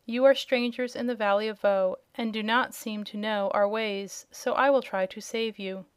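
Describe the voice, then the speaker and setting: A woman voicing a kind, unseen young girl who speaks in gentle tones in a storybook reading. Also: medium pitch, fairly even intonation, moderate pace, clear, resonant tone, no room sound, lightly acted. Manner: gentle, urgent when warning.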